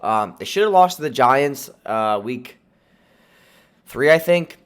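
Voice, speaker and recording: A man's voice: mid-range voice, expressive, slow pace, clear, resonant tone. A young man hosting casual sports commentary, opinionated and rambling, with a sore throat that makes him sound nasal and slightly lisping. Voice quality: slight lisp. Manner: opinionated, rambling with fillers and restarts. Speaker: sports podcast host.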